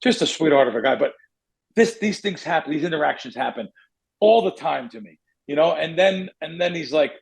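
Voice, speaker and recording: Gravelly, rambling male podcast host. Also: fairly high pitch, a little fast, low-quality recording. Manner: rambling, self-correcting, animated. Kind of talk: casual storytelling.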